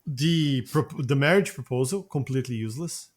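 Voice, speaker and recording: A man co-hosting a film review podcast, talking casually with animated, halting restarts. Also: mid-range voice. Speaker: podcast co-host.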